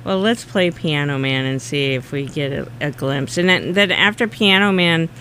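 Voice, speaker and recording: Male radio host, casual on-air chat, eager and gushing, bright tone. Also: on the high side, moderate pace, a little hiss or hum. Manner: bubbly and eager, gushing over stories.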